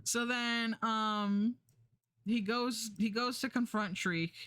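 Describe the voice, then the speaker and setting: A woman's voice: fairly high pitch, fairly even intonation, slow pace, fairly bright tone, smooth, dry recording, studio quality. A woman streamer chatting casually, rambling with lots of fillers and restarts, swearing and laughing as she recaps a show while doing a puzzle. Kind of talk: casual chat.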